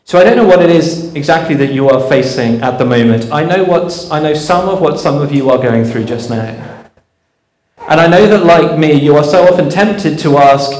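A man's voice: fairly high pitch, normal speed, a little mellow. Earnest preacher man in an echoey hall. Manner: earnest, storytelling, with rhetorical questions. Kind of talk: sermon.

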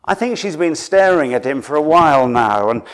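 A man from Suffolk in England, preaching a sermon in a dramatic storytelling way that drops to a hush and then rises for emphasis. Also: fairly high pitch, expressive, moderate pace.

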